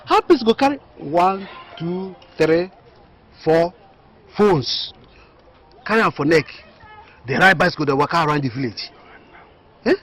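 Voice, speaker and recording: A man's voice: fairly high pitch, lively intonation, measured pace, long pauses, fairly bright tone, slightly rough, exaggerated voice. A scornful vigilante man. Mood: mocking. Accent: Nigerian Pidgin English. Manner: ranting, mocking, indignant. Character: resentful male village vigilante, scornful. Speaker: village vigilante member. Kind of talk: comedy film acting.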